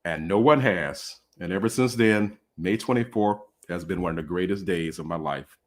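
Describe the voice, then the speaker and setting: Man, low voice, casual comic storyteller, lots of fillers, video call. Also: normal speed. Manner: casual, animated, many fillers.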